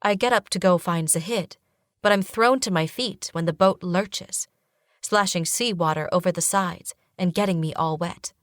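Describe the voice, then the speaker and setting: A woman reading a first-person fantasy audiobook in a steady narration style. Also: fairly low pitch, dry recording, studio quality.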